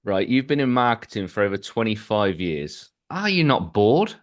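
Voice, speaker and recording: A man's voice: lowish voice, big pitch swings, normal speed. A man in his forties hosting a podcast interview, bantering and joking with his guest. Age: 40s. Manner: jokey, friendly banter. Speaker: podcast host. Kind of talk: casual interview.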